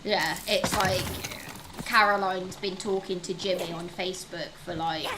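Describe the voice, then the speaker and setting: A woman's voice: lowish voice, steady tone, unhurried, background noise. A young woman co-hosting a gaming podcast, chatting casually and laughing often. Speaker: podcast co-host. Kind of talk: casual chat.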